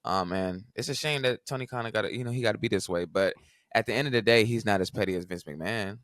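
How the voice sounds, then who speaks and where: Male co-host, lowish voice, relaxed and slangy, dry close sound. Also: fast, no echo. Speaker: podcast co-host. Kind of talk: casual podcast chat.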